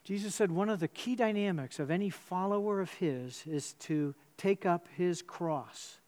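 A man preaching a sermon in church, telling a story with sudden jumps in pitch. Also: moderate pace, darkish tone. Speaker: pastor.

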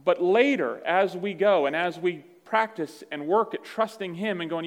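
A man preaching a sermon, telling a personal story in a relaxed, self-deprecating way. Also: sits high, moderate pace, hardly any pauses, big-room sound. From Virginia, USA. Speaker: pastor. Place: church sanctuary.

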